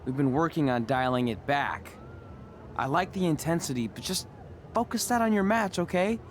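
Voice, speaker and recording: A man's voice: fairly high pitch, expressive, moderate pace, a little hiss or hum, lightly acted. A man playing a wisecracking young wrestler. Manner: wry, joking. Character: wisecracking young male wrestler, laid-back. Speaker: wrestling trainee. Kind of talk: video game cutscene acting.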